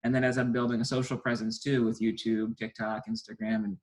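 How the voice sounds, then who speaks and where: A man's voice: lowish voice, little pitch movement, brisk, rough recording. A man in his twenties, a stage hypnotist, talking casually and eagerly as an interview guest. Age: 20s.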